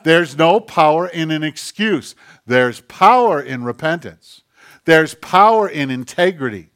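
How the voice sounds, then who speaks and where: Emphatic preaching man, slightly high voice. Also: expressive, a little slow. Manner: emphatic, acts out quoted voices in hushed tones. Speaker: pastor. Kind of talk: sermon.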